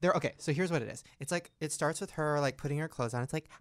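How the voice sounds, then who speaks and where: A man's voice: a little high, fast talker, no room sound, studio quality. A man in his twenties hosting a casual chat, gossipy and camp, laughing often. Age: 20s. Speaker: podcast host.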